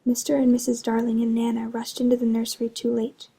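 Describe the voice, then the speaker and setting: A woman narrating a classic children's storybook in a soft, hushed voice that drifts into whispers. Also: fairly high pitch, monotone, quick pace, husky. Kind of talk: soft-spoken storybook reading.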